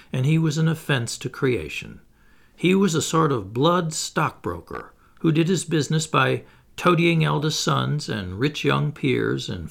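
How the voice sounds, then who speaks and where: A man reading a classic novel aloud as scripted audiobook narration, in an expressive storytelling manner. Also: creaky. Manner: lively, expressive reading with animated pitch. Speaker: audiobook reader.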